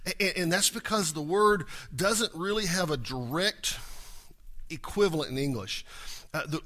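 A man preaching a sermon, asking rhetorical questions and swinging between hushed lows and loud emphatic peaks. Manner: frequent restarts and stumbles while explaining. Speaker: pastor.

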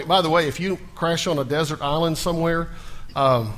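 Pastor preaching with animation. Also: male voice, a little high, normal speed, slight background noise. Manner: storytelling with animated panicky character voices. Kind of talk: sermon.

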